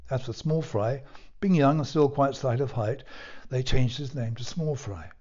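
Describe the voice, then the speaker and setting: A man reads his own storybook aloud, measured and playful. His voice is mellow and dark, with a middle pitch, and the recording sounds dull and lo-fi. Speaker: author.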